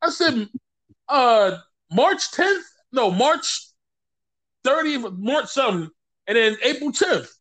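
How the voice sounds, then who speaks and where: A man's voice: very high-pitched, slow. A man as a podcast guest, animatedly telling stories and acting out what people said. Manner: animated storyteller acting out quotes. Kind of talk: casual conversation.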